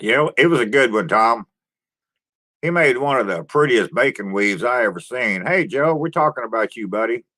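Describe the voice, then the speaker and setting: A laid-back man chatting on his own live stream, welcoming viewers by name. His talk is homespun and unhurried, broken by easy sighs as he rambles about his day. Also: mid-range voice, expressive, sharp tone. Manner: homespun rural speech. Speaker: livestream host. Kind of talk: casual live-stream chat greeting viewers.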